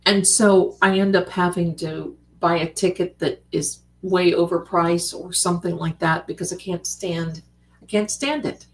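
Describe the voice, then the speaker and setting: A woman's voice: lowish voice, a little slow. Chatty woman hosting a livestream. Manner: chatty, animated, calls viewers "my darlings". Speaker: livestream host. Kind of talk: casual late-night livestream chat.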